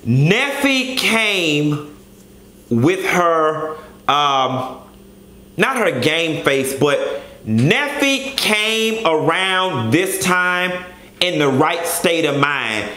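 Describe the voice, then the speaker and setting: Sassy high-voiced man in an echoey room. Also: fairly bright tone. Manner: flamboyant, sassy, profane. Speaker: vlogger. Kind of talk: reality TV review vlog.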